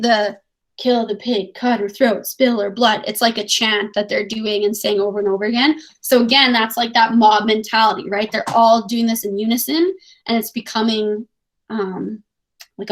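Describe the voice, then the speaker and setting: A woman English teacher with a slightly high voice, reading passages from a novel and breaking them down for students. Her delivery is casual and chatty, with plenty of "like" and "um". It feels like a relaxed recorded lesson. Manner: casual, chatty, many "like" fillers.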